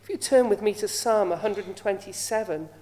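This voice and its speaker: A woman's voice: medium pitch, fairly quick, warm tone. A woman preaching a sermon, often asking her listeners rhetorical questions.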